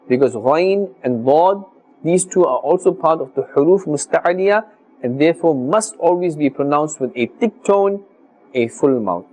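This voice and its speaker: On a televised religious lesson, a man teaches Quran recitation in a formal, earnest way, sounding out letters slowly and carefully. His voice is on the high side with a darkish tone.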